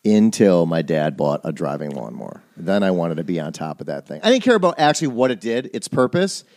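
A man's voice: sits low, very animated, fairly quick, a little mellow, dry recording, studio quality. A man hosting a podcast in casual chat, rambling and breaking off his own sentences. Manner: rambling, self-interrupting storyteller. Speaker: podcast host.

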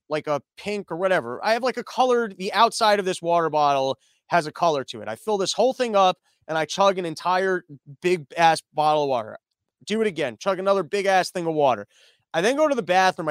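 High-voiced, profane young man riffing. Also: dry recording, clean studio sound. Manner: profane, sarcastic rambling. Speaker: commentary show host. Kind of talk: casual news commentary.

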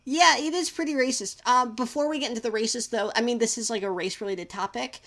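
Woman co-host, higher voice, blunt and chatty. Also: fast, fairly bright tone. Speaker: podcast co-host. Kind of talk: casual chat.

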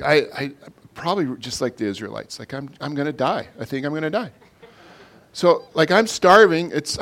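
A man preaching a casual sermon to a congregation, talking in a loose, conversational way full of fillers and restarts. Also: medium pitch.

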